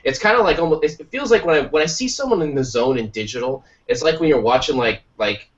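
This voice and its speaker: Male podcast host, casual and rambling, mid-pitched, captured on a distant lo-fi mic. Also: fast talker. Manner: rambling, animated, acts out quoted voices. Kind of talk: casual chat.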